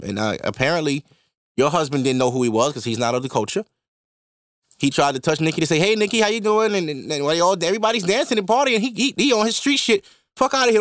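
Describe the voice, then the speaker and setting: Podcast host, male, high-pitched, animated profane rant, dry close sound. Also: no room sound. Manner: animated, profane ranting with swings into loud mock outbursts. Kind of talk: casual monologue.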